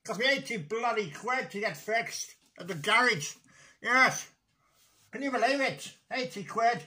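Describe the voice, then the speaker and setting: A man's voice: very high voice, expressive, unhurried, pushed and bright, exaggerated voice. A man putting on a grumpy older man who rants and repeats himself in a comic one-sided phone complaint about a garage. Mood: exasperated. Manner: exasperated ranting, repeats himself and swears mildly.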